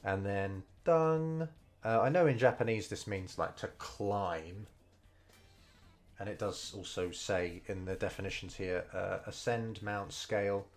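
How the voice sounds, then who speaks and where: A man casually thinking aloud as he studies Mandarin over gameplay, hesitant and full of fillers. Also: fairly low pitch. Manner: slow, unhurried delivery. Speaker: streamer learning Mandarin. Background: faint game music.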